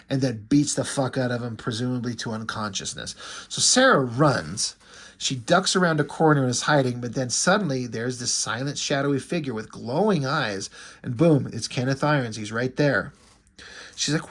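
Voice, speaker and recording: A man's voice: medium pitch, normal speed. A man casually recapping a comic book issue, chatty and loose, swearing now and then and acting out what the characters say.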